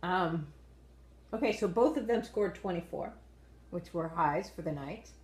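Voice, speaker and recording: Woman co-host, measured and agreeable, leads the talk; lowish voice; echoey room. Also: animated. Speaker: co-host reviewing a dance show. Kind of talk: casual chat review.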